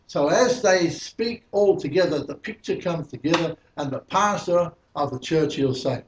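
A man's voice: fairly high pitch, normal speed, hardly any pauses. A male preacher teaching a sermon verse by verse, putting questions to the congregation. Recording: echoey hall, mic at a distance.

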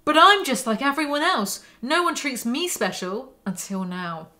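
A woman's voice: high voice, animated, moderate pace, sharp tone. A woman hosting a book breakdown, reading passages aloud and adding sarcastic, mocking asides. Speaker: book commentary host.

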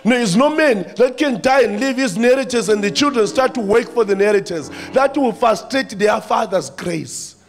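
A man pastor with a South African accent, preaching an impassioned sermon that rises to shouts. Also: extremely high pitch, animated, normal speed, hardly any pauses.

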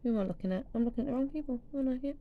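Chatty young woman, gravelly voice. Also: high-pitched, racing, narrow, tinny audio. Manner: chatty, swears, drops into whispers. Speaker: vlogger. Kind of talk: casual unboxing chat.

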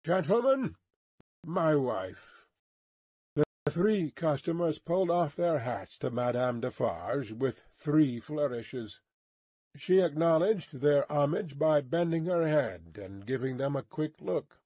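A man reading a classic novel aloud as an audiobook narrator, in a careful, deliberate manner. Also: fairly high pitch, expressive, warm tone, no room sound.

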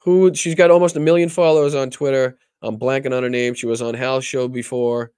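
A man's voice: medium pitch, little pitch movement, a little fast, a little mellow, clear, resonant tone, no echo, clean studio sound. A man hosting a political livestream, talking casually with a lot of profanity and rambling restarts. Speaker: political talk show host.

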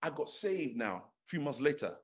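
Middle-aged male preacher from London, a touch high, animated storyteller who voices the people in his story. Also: moderate pace. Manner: animated storytelling, acts out dialogue, many fillers. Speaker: pastor. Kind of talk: sermon with personal story.

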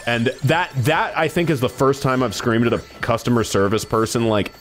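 A man's voice: mid-range voice, lively intonation, normal speed, faint music behind. A man on a live stream telling a long story in a casual way, swearing a lot and acting out the people he quotes.

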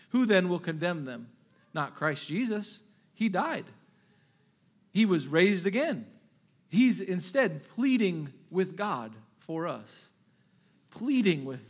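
A man with a high-pitched voice preaching an impassioned sermon. He swings from loud rhetorical questions to soft, hushed asides, repeating phrases and restarting sentences as he goes. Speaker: pastor.

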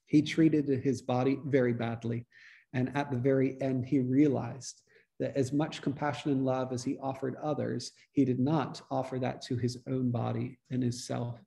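A man, a priest, giving a relaxed, conversational teaching talk to a church study group, restarting his sentences often. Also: medium pitch, normal speed, gravelly. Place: church meeting room.

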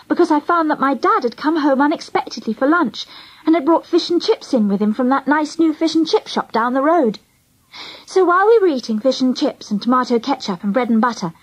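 A woman narrating a children's storybook in the first person, lively and expressive. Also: high-pitched, low-quality recording. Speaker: audiobook narrator.

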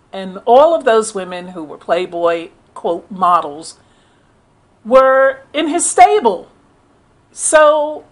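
A middle-aged woman talking casually into the camera, telling stories and acting out the people in them. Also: medium pitch. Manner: storytelling, animated, quotes others in voices. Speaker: commentator. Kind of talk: casual spoken commentary.

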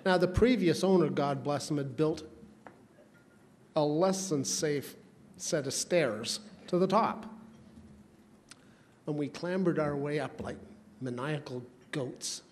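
This roaster's voice is a little high, and he speaks slowly, leaving long pauses as he tells rambling, folksy stories poking fun at the guest of honor at a charity roast. Long hall reverb and faint room noise fill the recording.

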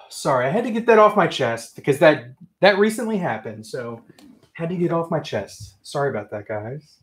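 Male livestream host, excitable and ranty, high lively voice. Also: moderate pace. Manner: excitable, ranting, says friggin' often. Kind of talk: casual livestream chat.

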